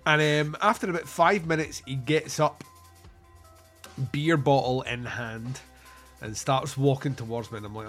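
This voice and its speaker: A man's voice: medium pitch, measured pace, a bit bright, faint music behind. A Scottish man from Scotland chatting casually about films, rambling through anecdotes and swearing freely.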